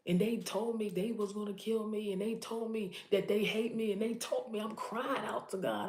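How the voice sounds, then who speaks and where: A woman's voice: mid-range voice, steady tone, normal speed, few pauses, a little mellow. Woman preaching urgently in an echoey room. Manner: urgent, repetitive, addresses listeners directly. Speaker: motivational preacher. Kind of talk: impassioned preaching vlog.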